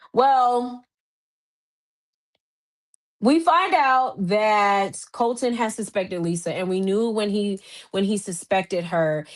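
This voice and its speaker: A woman hosts a podcast, giving a casual recap in an animated, chatty style. She uses plenty of fillers and restarts, and her voice jumps higher when she gets excited.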